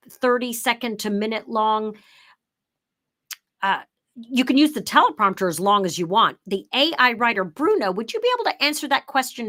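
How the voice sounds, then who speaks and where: A woman's voice: a little high, sharp tone. A middle-aged woman presenting a live online workshop, explaining things in a chatty way and showing her points as she goes. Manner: drops into emphatic, broadcaster-style read when showing the script.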